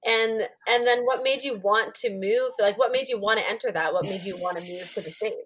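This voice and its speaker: A woman's voice: medium pitch, a little fast, fairly bright tone, a little hiss or hum. A woman from Canada hosting a podcast interview, friendly and reassuring, laughing easily while chatting. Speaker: podcast host. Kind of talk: casual interview.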